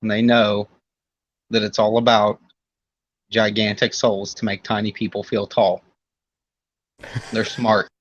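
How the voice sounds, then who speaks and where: A man's voice: on the low side, flat delivery, unhurried, long pauses, no room sound. Male podcast co-host, easygoing jokester, dry lo-fi mic sound. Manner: laid-back, joking, rambling asides. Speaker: podcast guest. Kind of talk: casual podcast chat.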